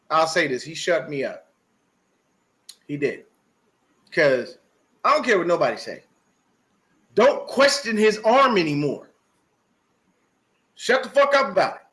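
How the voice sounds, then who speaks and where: A man's voice: fairly high pitch, bright, forceful tone. A man on a podcast ranting about a football game, profane and emphatic, repeating his points. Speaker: podcast guest. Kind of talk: fired-up sports podcast rant.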